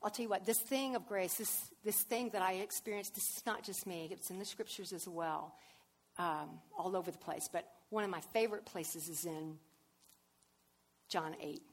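Woman preacher, husky tone, animated sermon storytelling, hushed to loud. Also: lowish voice.

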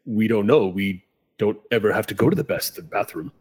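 A man's voice: fairly low pitch, fairly quick, a little mellow, slightly rough, voice pushed down. A man voicing a prim, literal-minded talking suit of armor in a tabletop game, speaking in a fussy, scolding way. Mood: puzzled.

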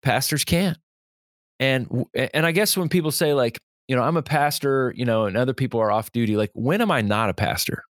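A man, a pastor hosting a podcast, talking in a casual, animated way and reading quotes aloud. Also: mid-range voice, quick pace, few pauses, no room sound, studio quality. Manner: animated storytelling, laughs easily, reads quotes aloud.

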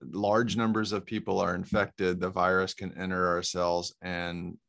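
A man, a physician guest on a podcast, explaining in a measured way. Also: low-pitched, level tone, vocal fry, a bit bright. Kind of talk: explanatory interview talk.

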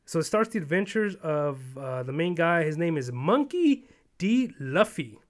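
A man's voice: a little high, very animated, a little slow. A man in casual chat, rambling and swearing as he retells stories and acts out bits of dialogue. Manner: rambling, profane, acts out quoted voices.

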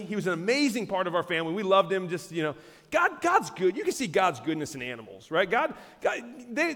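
Male pastor, high voice, lively conversational sermon, long hall reverb. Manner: animated, conversational preaching with laughter and asides. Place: large church auditorium.

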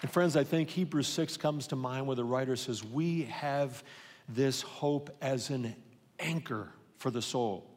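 Middle-aged male pastor, earnest storytelling preacher, mid pitch, live church hall reverb. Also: measured pace, a little mellow, a faint crowd. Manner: earnest, personal storytelling with many restarts. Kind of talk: sermon.

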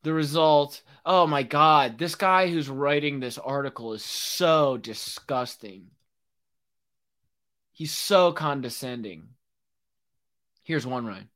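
A young man hosting a solo podcast, ranting excitably in casual speech, with lots of fillers and swearing. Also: on the high side, takes it slowly, pauses often. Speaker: podcast host. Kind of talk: solo rambling podcast monologue.

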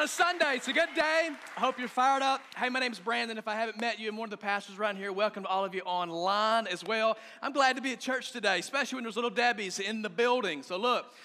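A man preaching a lively, joking sermon as a pastor to his congregation. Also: high-pitched. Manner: upbeat, joking, rallying the congregation. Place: church auditorium. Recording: long hall reverb in a church.

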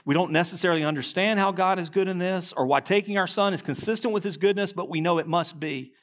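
A man preaching a sermon as pastor, reading quotations aloud, slowing and dropping low at key lines.

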